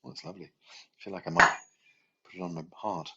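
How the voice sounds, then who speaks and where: A man teaching a qigong healing class, gently guiding breaths and sounding out long vocal tones and hums. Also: deep voice, sing-song, gravelly, lo-fi sound, heavy background noise. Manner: gentle, unhurried guidance with sung tones and hums. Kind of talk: guided healing class instruction.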